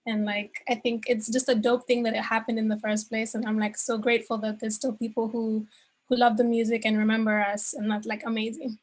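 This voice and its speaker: A woman musician answers in a relaxed, loose way, her fairly high voice dotted with casual fillers. She sounds easygoing and reflective in a plain interview setting. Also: fairly quick. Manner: relaxed, filler-heavy "like" phrasing. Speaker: musician guest.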